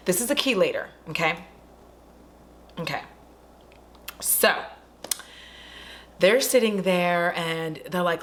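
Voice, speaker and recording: Animated woman recapping a horror film. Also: fairly low pitch, normal speed. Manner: animated, acts out scenes and screams. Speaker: horror movie vlogger. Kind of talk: casual movie recap. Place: at home.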